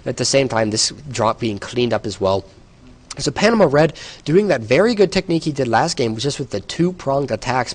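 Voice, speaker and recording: A tired man giving solo play-by-play commentary on a strategy game, explaining the action with some hesitations. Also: medium pitch. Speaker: esports caster.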